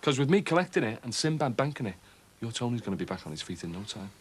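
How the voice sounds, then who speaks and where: An actor playing a jokey, smooth-talking local man in a soap opera. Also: medium pitch, very animated, fast, slight background noise, lightly acted. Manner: jokey, breezy, cheeky.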